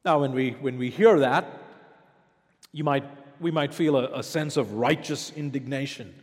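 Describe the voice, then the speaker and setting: A man's voice: a little high, darkish tone, long reverb tail. A man preaching a sermon as pastor, asking the congregation rhetorical questions.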